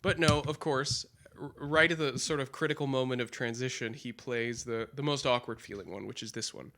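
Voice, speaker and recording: A man's voice: mid-range voice, steady tone, brisk, pushed and bright. A man chatting loosely about a song's drum part, full of fillers, sometimes scatting the rhythms aloud. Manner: rambling, hesitant with fillers, scats drum and guitar patterns aloud. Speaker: drummer explaining a song. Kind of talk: casual practice-session chat.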